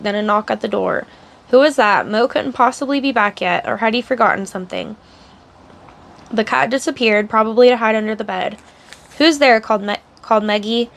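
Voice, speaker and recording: A woman narrating a novel aloud on a live stream in a steady storytelling style. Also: a little high, creaky.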